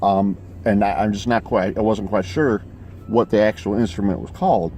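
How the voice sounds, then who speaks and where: A man with a lowish voice rambles through a comic monologue, stacking fillers and restarts in a deadpan way. He records from inside a car, with faint road noise underneath. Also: moderate pace. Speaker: comic character vlogger. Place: in a vehicle, driving.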